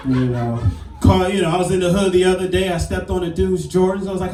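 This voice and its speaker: A man in his thirties doing a brash, animated stand-up comedy set on a club stage. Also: high-pitched, fast talker, slight background noise. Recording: roomy club sound from a distance. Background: audience laughter.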